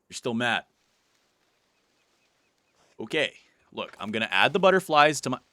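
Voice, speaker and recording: A man's voice: lowish voice, sharp tone. A man giving casual, playful gameplay commentary as a YouTuber, teasing and chatting to the creatures in his game. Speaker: gaming YouTuber.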